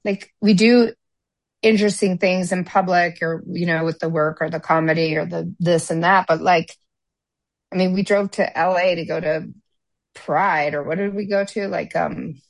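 A woman's voice: on the low side, steady tone, moderate pace, vocal fry, no room sound. A woman in casual conversation, rambling with many fillers and restarts. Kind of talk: casual chat.

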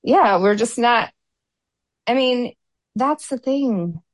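A woman's voice: on the high side, lively intonation, slow, dry recording. A woman in casual conversation, rambling with many fillers and restarts. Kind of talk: casual chat.

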